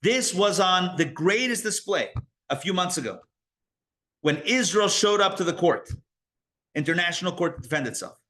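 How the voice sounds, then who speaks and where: A rabbi gives a live Torah class in a bright, forceful voice pitched a little above most men's. He's animated and conversational, tossing rhetorical questions and quick asides to the room.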